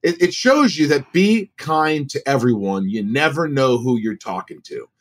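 Animated man telling stories. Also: medium pitch, moderate pace. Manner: animated, acts out quoted voices. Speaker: guest actor. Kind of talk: casual storytelling.

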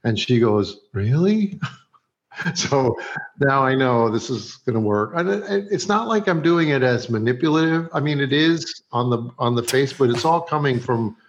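A man, a TV director, telling a story from a film set in a relaxed way, acting out both sides of the dialogue and laughing often. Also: mid-range voice, normal speed, dull audio. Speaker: TV director, guest.

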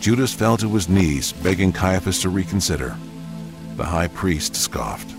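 A man narrating a biblical audio drama in a grave, measured way. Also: sits low, lively intonation, creaky, music in the background.

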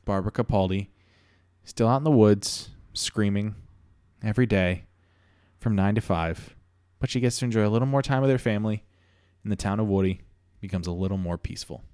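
Man, podcast host, lower voice, relaxed chatty storytelling. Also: brisk, smooth, no echo, clean studio sound. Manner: easygoing, chatty, laughs often. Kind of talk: improvised comedic storytelling.

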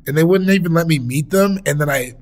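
A man's voice: fairly high pitch, fast. A man guesting on a podcast, a comedian chatting casually and chummily about his own shows. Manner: animated, chummy, uses "dude". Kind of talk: casual chat.

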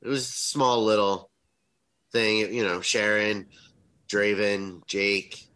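A man chatting casually as a podcast co-host, telling stories in an animated way and swearing freely. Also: slow, clear, resonant tone, rough recording. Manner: animated storytelling, swearing, rises high when excited. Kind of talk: casual chat.

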